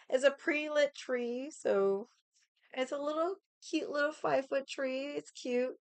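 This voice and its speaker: A woman's voice: sits high, slow, dry recording. A young woman chatting casually, rambling with lots of filler words and swearing. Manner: rambling, heavy on 'like' and swearing. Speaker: streamer. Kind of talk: casual chat while drinking.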